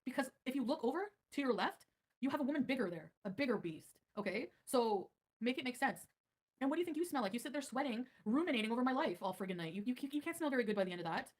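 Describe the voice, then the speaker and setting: A woman's voice: on the high side, animated, quick pace. A woman livestreaming, ranting defensively at her viewers and answering chat. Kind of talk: livestream rant.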